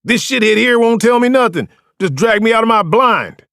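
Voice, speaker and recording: A man's voice: extremely high pitch, big pitch swings, moderate pace, pushed and bright, no echo, studio quality, voice pushed up, full character voice. A man voicing a small, scrawny male hunter who demands answers indignantly.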